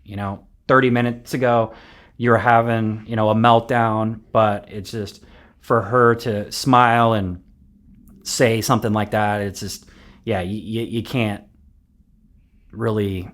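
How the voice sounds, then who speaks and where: A man in his thirties, a podcast guest, chatting casually in a soft-spoken, reflective way that often trails off quietly. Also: fairly low pitch, fairly even intonation, measured pace. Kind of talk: casual interview chat.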